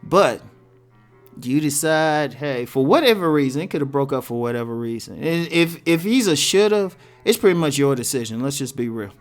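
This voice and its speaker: A man's voice: fairly high pitch, lively intonation, normal speed, soft background music. A man hosting a casual relationship-advice monologue for women, talking bluntly with tough love and jokes.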